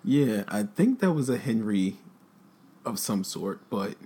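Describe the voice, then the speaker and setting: A man co-hosting a casual podcast, joking and animated. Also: fairly low pitch, unhurried, slightly rough. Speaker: podcast co-host. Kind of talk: casual chat.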